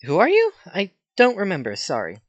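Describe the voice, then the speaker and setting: A man voicing a brash young woman student with a drill-sergeant temper, loud and commanding. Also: sits high, wildly swooping pitch, fairly quick, highs cut off, pitched above the performer's own voice. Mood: confused. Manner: loud, commanding, yells a lot. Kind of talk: fan role-play voice acting.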